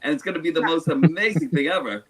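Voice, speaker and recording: A man's voice: a little high, quick pace, fairly bright tone, low-quality recording. A man chatting casually and joking with friends on a livestream call. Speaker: livestream guest. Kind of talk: casual group chat.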